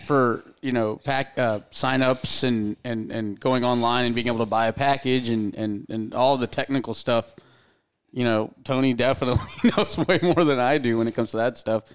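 A man's voice: medium pitch, moderate pace, smooth. A man chatting as a podcast guest. His talk is loose and rambling, full of restarts and easy laughter. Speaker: podcast guest, gym co-owner. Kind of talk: casual chat.

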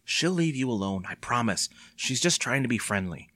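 A man voicing a middle-aged mother in a storybook reading, raising his voice into a higher, coaxing tone that turns sharp at times. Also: lively intonation, normal speed, dry recording. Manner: pleading, coaxing, sometimes sharp. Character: anxious, stern mother, middle-aged woman.

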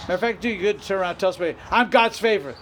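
High-voiced preaching man, emphatic. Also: rapid-fire, a crowd in the background, rough recording. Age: middle-aged. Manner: emphatic preaching with repeated phrases and rising outbursts. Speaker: pastor. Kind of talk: sermon.

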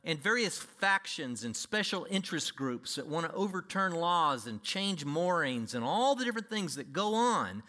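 A man preaching a sermon to his congregation, emphatic, with sudden swings between loud and quiet delivery. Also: fairly high pitch, very animated, moderate pace, hardly any pauses. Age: older. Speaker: pastor.

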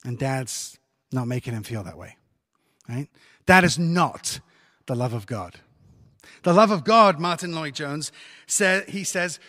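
A man preaching a sermon as pastor, lively and conversational, with joking asides to the congregation. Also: a little high. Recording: long church reverb.

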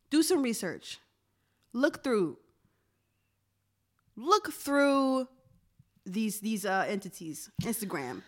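A woman co-hosting a podcast in emphatic, laughing casual chat. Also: medium pitch. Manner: emphatic, laughing, reads aloud. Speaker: podcast co-host.

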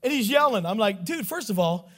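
A middle-aged man preaching a joking, animated sermon story and acting out the voices in it. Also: high voice, a little fast.

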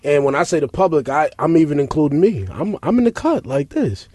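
A man hosting a casual talk show, loud, joking and crude as he teases his guests. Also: on the high side, lively intonation, quick pace, dry recording. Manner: loud, joking, profane, teasing. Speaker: podcast host.

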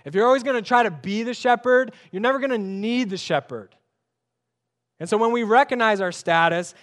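Young guy pastor preaching, high voice, chatty and emphatic, lots of rhetorical questions. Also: a bit bright. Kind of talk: sermon.

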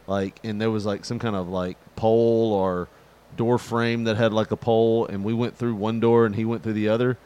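A middle-aged man chatting casually, rambling with fillers and jumping into animated quoted voices. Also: brisk, few pauses, muffled recording. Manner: animated storyteller, jumps into high-pitched quoted voices; rambling, many fillers and restarts. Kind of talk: casual chat.

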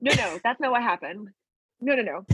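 A young woman co-hosting a podcast, chatting casually and telling stories in a lively way. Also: brisk, husky, dry recording. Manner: lively storyteller, jumping up in pitch when quoting. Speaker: podcast co-host. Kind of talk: casual chat.

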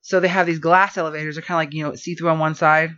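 Fast-talking woman telling a story. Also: low-pitched. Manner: animated, rambling, lots of fillers. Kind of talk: casual storytelling chat. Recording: dull lo-fi podcast audio.

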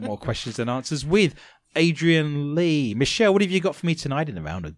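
A man's voice: fairly high pitch, a little fast, no room sound. A man hosting a comedy talk show, telling odd news stories and joking with co-hosts. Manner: jokey, animated storyteller. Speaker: host.

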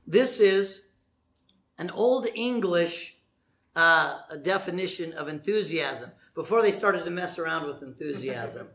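A man preaching a lively, joking sermon, acting out short quotes as he goes. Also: high-pitched, echoey room. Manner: animated, jokey preaching with acted-out voices. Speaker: pastor.

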